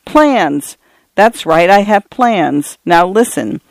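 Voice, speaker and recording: A man's voice: sits high, animated, takes it slowly, gravelly, no room sound, exaggerated voice. A narrator voicing a teasing, tender father. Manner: gentle, playful, wry.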